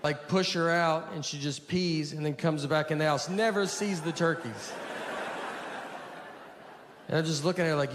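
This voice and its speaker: A man in his forties doing stand-up, telling rambling, self-deprecating stories in a dry, deadpan way. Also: fairly high pitch, normal speed. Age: 40s. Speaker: stand-up comedian. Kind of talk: stand-up storytelling. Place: theater stage with laughing audience. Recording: reverberant live hall with audience noise.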